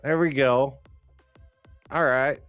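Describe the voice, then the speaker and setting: A man's voice: mid-range voice, steady tone, slow, a bit bright, no echo, soft background music. A man hosting a casual livestream chat, joking and swearing as he goes, his voice a bit strained. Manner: loose, joking, swears and laughs often. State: slightly strained voice. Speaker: livestream host.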